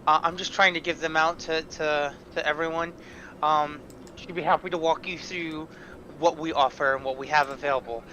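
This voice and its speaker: A man's voice: on the high side, fairly even intonation, normal speed, muffled recording, slight background noise. A man voicing a tall, harried female bakery worker who talks in a busy, clipped way and calls out numbers. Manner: busy, clipped, calling out loudly.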